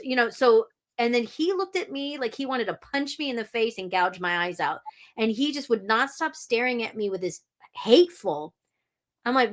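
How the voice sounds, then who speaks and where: A woman's voice: on the high side, expressive, normal speed, fairly bright tone. A woman guest on a podcast, talking frankly with lots of restarts and blunt swearing. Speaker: podcast guest, audiobook narrator. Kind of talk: candid interview talk.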